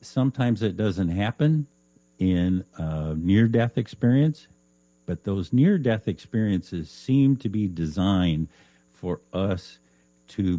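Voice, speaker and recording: Male guest, very deep and mellow voice, dry sound, calm explainer. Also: no room sound. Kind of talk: casual radio interview chat.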